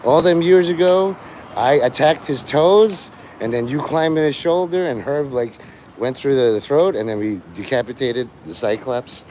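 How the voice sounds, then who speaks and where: A man's voice: medium pitch, moderate pace, a little mellow, slight background noise. A man streaming live, rambling through jokes and stories, laughing often and swearing freely.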